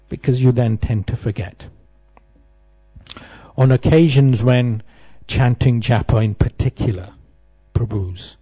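A man's voice: medium pitch, a little mellow, breathy edge. A middle-aged man giving a devotional class, telling humorous, self-deprecating stories. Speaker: temple speaker.

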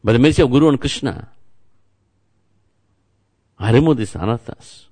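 Animated and speaking at a normal pace, a man with a darkish, mid-range voice preaches devotionally as a spiritual teacher. His delivery is repetitive and chant-like, aimed right at his listeners.

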